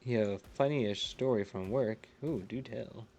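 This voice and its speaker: A man's voice: mid-range voice, unhurried, gravelly, darkish tone. A man streaming a video game live, chatting casually, reading chat aloud and often laughing.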